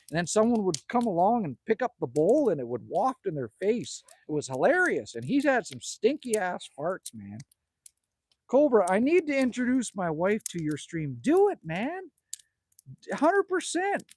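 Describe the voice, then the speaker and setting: A middle-aged man from Manitoba, Canada, with a high, darkish, slightly rough voice hosts a livestream outdoors by a fire at a cabin at night. He chats casually, rambling and joking through viewer comments and calling people "man" and "buddy."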